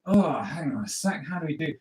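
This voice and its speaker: A playful man with a fairly high voice talks his viewers through live cartoon drawing. His commentary is jokey and chatty, full of asides and silly sounds as he draws. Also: expressive, fairly quick, a little mellow, rough recording. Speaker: cartoonist host. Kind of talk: live drawing stream for kids.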